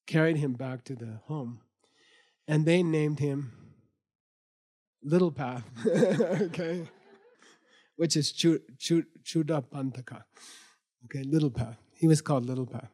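A man's voice: mid-range voice, moderate pace, a little mellow. A man teaching a Buddhist text aloud. He reads passages in another language, explains them in plain speech, often repeats himself, and keeps checking in with his listeners. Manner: laughs at times and tells the story with humor. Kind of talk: lecture reading a Tibetan text aloud and explaining it line by line.

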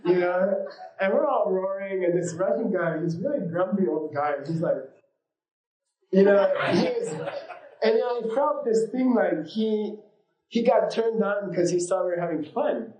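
A man with a slightly high voice teaches a class in a loose, rambling way, full of fillers, side stories and easy laughter. His voice carries a noticeable room echo, as if he is speaking in a roomy indoor space. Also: expressive, normal speed, a little mellow. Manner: rambling and informal, many fillers, laughs easily. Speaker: yoga and meditation teacher. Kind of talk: casual teaching talk with anecdotes.

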